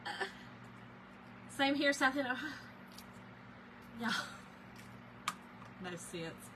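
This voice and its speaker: A woman's voice: expressive, drawn-out words, background noise. Chatty Southern woman crafting live. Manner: chatty, greets viewers by name in a high sing-song. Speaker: livestream crafter. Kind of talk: casual live-stream chat.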